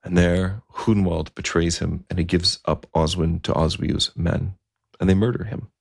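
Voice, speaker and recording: A man's voice: deep voice, steady tone, moderate pace, creaky, a little mellow, no echo, studio quality. A man narrating a story in a conversational way, with occasional fillers.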